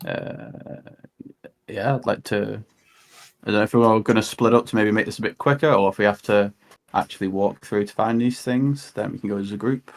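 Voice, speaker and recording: A man's voice: on the low side, moderate pace. A man playing a tabletop game, rambling and correcting himself as he goes. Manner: unsure, rambling, self-correcting. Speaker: player.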